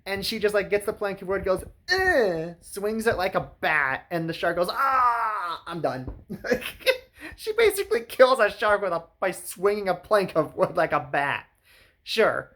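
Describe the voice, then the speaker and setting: A man's voice: high voice, very animated, moderate pace, fairly bright tone. A man giving a sarcastic comedic recap of a film, wry and full of "like" fillers. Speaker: movie reviewer.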